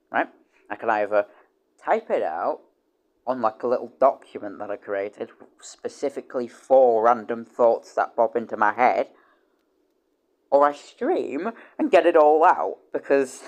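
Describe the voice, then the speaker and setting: A man in the middle of an unscripted stream, talking off the cuff at an average pitch. His sentences stall and restart, with words repeated over and over. He swears bluntly, and his voice jumps up loudly whenever he gets excited. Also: a little slow, highs cut off. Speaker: livestreamer. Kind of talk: casual rambling chat.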